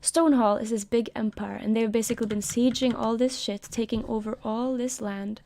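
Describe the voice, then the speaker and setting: Soft-spoken woman with a gravelly, warm voice. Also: on the high side, steady tone, moderate pace. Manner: soft-spoken, rambling, giggly asides. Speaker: streamer. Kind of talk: casual live-stream commentary. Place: own room.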